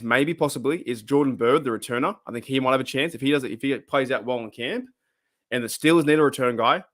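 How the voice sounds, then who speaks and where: Chatty Australian bloke talking footy at home. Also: male voice, medium pitch, fairly bright tone. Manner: chatty, rambling, frequent restarts. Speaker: podcast host answering fan questions. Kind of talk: casual solo chat. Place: small home room. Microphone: desktop USB microphone.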